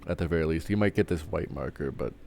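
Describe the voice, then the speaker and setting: A man's voice: extremely low pitch, fast, gravelly, darkish tone, slight background noise. A man streaming live, ranting casually with lots of swearing and stumbling restarts. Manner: profane, rambling, restarts often. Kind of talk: casual rant while streaming.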